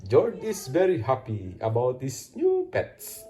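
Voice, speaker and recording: A woman narrating a children's toy play story in a slow, simple, sing-song way. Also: very deep voice, huge pitch swings, warm tone.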